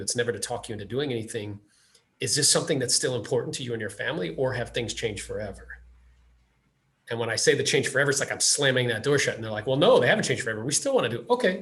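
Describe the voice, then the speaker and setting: A man hosting a podcast, chatting casually with a guest and acting out the people in his stories. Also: mid-range voice. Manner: animated storyteller, acts out quotes. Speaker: podcast host. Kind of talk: casual interview chat.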